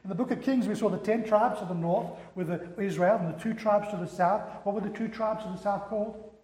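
A male pastor delivers a sermon, telling stories with animation. His voice sits high. The whole thing rings through a large, echoing hall. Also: a little fast. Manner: animated storytelling.

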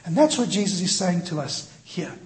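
A male pastor preaching a sermon, telling a personal story in an animated, self-deprecating way and acting out the voices in it. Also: high voice, moderate pace. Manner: animated, self-deprecating, acts out quoted dialogue. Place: church.

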